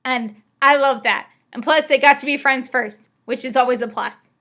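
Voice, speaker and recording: Young woman gushing about her books, high bright voice, kinda slow. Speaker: book vlogger. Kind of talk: casual chat.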